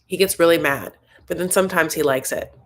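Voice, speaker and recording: A woman's voice: low-pitched, brisk. A young woman hosting a casual live-stream chat from home, rambling through her thoughts and reading viewer comments aloud. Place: home, Los Angeles.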